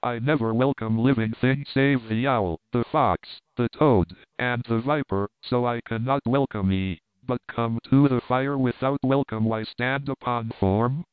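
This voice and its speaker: A man's voice: medium pitch, fairly even intonation, unhurried, hardly any pauses, clear, resonant tone, dry recording, natural voice. A man reading the part of an ancient, hollow-voiced witch in a storybook reading, tinny and phone-like. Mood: hollow, cold. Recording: tinny phone-like dry sound.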